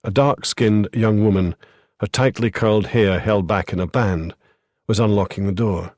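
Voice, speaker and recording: A man narrating a crime audiobook in a measured, even way. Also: fairly low pitch, dry recording, clean studio sound. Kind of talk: scripted narration.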